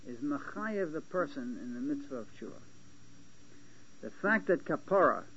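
A man giving a Talmudic lecture to a small class, halting and restarting often and checking that his listeners follow. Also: on the high side, a bit bright, breathy edge. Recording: dull lo-fi lecture recording with faint hiss.

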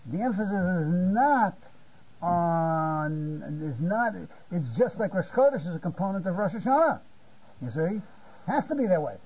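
High, mellow-voiced man teaching Torah. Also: big pitch swings, measured pace, slightly rough, muffled recording. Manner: repeats words while searching for phrasing, asks "you see?". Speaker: Talmud teacher. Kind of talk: Torah lecture.

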